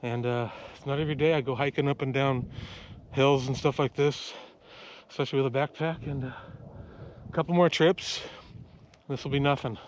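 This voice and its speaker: A man's voice: medium pitch, steady tone, moderate pace, slight background noise. A man out of breath, chatting casually to the camera while he hikes uphill outdoors on a trail. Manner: chatty, self-talking while walking uphill. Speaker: outdoor vlogger. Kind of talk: casual hiking vlog.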